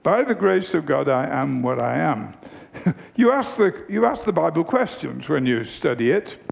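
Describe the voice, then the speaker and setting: A man preaching a sermon, telling a family story in a slow, deliberate, teaching tone. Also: a little high, big pitch swings, gravelly, lo-fi sound.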